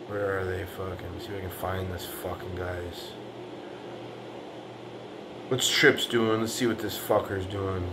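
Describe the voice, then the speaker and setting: A man's voice: low-pitched, fairly even intonation, unhurried, long pauses, background noise. A man ranting in a profane, boastful way, trash-talking rivals, with an argumentative tone that keeps returning to "man" and "right". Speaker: fitness vlogger. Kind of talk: profane reaction rant.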